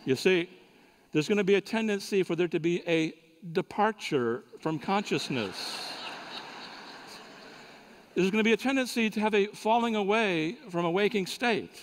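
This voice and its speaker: A man preaching to a conference crowd in a folksy, joking storytelling manner. His voice sits a little high for a man, carried by the long reverb of a big hall. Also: brisk, a little hiss or hum. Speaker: conference speaker. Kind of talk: sermon with humorous story.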